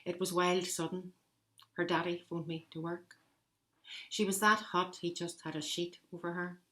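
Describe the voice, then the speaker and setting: Poet doing a plain-talking belfast woman, low and flat, just tells it straight. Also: natural voice. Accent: attempted Belfast. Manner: blunt, conversational storytelling. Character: plain-spoken Belfast woman telling a child's illness.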